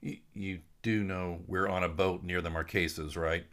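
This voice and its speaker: A man's voice: sits low, fairly even intonation, normal speed, a bit bright. A man voicing a grumpy, sarcastic sailor nursing a head injury. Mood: cranky, sarcastic. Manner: cranky, sarcastic. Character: grumpy, hurting middle-aged sailor.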